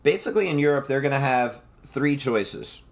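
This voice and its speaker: A man's voice: mid-range voice, lively intonation, moderate pace. A man hosting his own solo podcast, talking in a rambling, emphatic way and often turning to the listeners as "folks". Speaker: podcast host.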